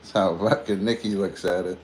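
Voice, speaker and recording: A man's voice: low voice, fairly even intonation, brisk, darkish tone, slight background noise. A tired man hosting a livestream, chatting casually and drifting between topics, with slang and free swearing. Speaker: livestream host. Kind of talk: casual rambling chat.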